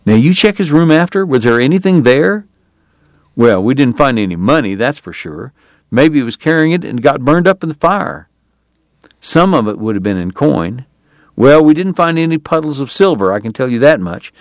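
A man voicing a brash young male sheriff who is defensive and quick to exclaim. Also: mid-range voice, dry recording, studio quality, voice pushed up, lightly acted. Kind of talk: audiobook character voice.

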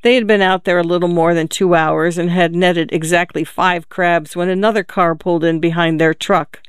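Measured storybook narrator with a smooth, clear voice and dry close sound. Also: mid-range voice, fairly even intonation, no room sound. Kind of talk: audiobook narration.

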